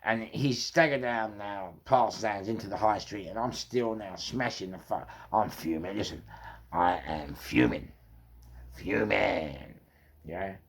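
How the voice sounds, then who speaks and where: A middle-aged man with a London accent telling rough stories casually, swearing heavily and repeating words for emphasis. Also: fairly low pitch, normal speed, few pauses. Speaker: storyteller. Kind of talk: casual storytelling.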